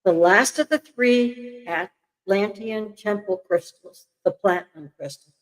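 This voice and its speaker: A woman's voice: mid-range voice, poor audio. An older woman reading a text aloud on a call, stumbling over words and breaking off into chatty asides. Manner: reads haltingly, coughs, apologizes, chatty asides. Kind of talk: casual reading and chat.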